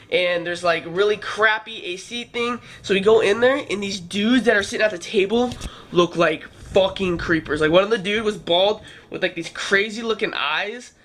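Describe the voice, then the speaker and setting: A man's voice: high voice, fairly bright tone. A young man vlogging, telling a rambling, profane story full of fillers. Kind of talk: casual storytelling. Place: California trip, downtown L A.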